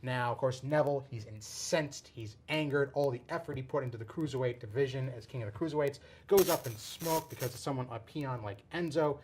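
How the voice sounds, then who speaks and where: A man hosting a casual podcast, explaining a storyline in a rambling, excitable way with frequent restarts. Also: mid-range voice, a little hiss or hum. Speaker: podcast host. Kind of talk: casual wrestling chat.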